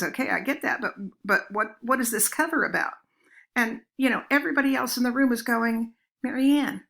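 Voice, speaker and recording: Woman with a gravelly, chatty lecturing voice. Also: mid-range voice, fairly bright tone. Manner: chatty, anecdotal, addresses listeners as folks. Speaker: children's literature professor. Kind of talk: recorded lecture.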